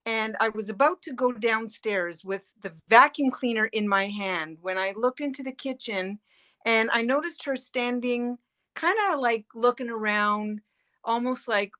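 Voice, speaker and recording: Earnest, bright-voiced caregiver woman. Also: a little high, moderate pace. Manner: earnest, animated retelling with fillers. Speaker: family caregiver, guest. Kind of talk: emotional personal storytelling.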